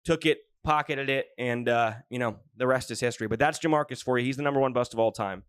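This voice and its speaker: A man hosting a casual sports podcast, telling stories in an animated, jokey way with plenty of swearing. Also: mid-range voice, fast talker, clear, resonant tone, no room sound, clean studio sound. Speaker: podcast host.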